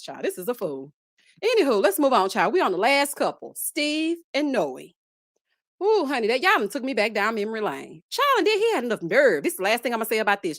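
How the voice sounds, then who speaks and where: Animated woman gossiping, lively high voice. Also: dry recording, clean studio sound. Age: 30s. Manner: animated and laughing, Southern Black vernacular with child and honey. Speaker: host. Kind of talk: casual reality-TV recap and story time.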